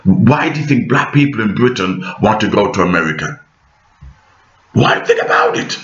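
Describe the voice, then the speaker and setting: A man giving an impassioned monologue to camera, emphatic, rising to shouts and then dropping low and pleading. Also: lively intonation, moderate pace. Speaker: video commentator. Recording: echoey room, dull lo-fi sound.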